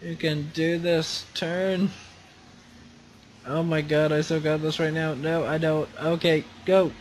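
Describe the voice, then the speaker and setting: Excitable young-sounding gaming commentator man. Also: a little high, slow, slight background noise, low-quality recording. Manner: chatty, self-encouraging, bursts into loud excited exclamations. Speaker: gaming channel host.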